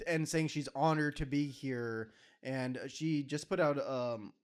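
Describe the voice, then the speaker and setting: A man's voice: medium pitch, unhurried, smooth. A man co-hosting a podcast, chatting bluntly and crudely and jumping in often. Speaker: podcast co-host. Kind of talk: casual political chat.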